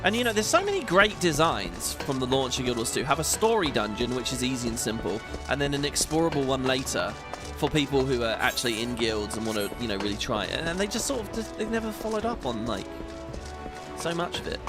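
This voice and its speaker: A man's voice: medium pitch, very animated, fairly quick. A man hosting a casual gaming video, chatting and rambling as he plays and sometimes laughs. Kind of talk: casual let's-play commentary. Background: game music.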